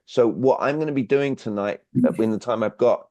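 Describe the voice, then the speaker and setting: A man's voice: mid-range voice, a little fast, darkish tone, no room sound. A man, a clarity coach, leading an online workshop and constantly asking the audience questions. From Britain. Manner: engaging, asks the audience frequent questions. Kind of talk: interactive online workshop talk. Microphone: video call. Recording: dry, slightly dull video call audio.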